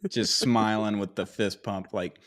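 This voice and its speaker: Guy cohosting a sports podcast, lowish voice, jokey, keeps laughing through his lines. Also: steady tone, a little slow. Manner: joking, laughs often mid-sentence. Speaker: podcast co-host. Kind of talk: casual sports podcast chat.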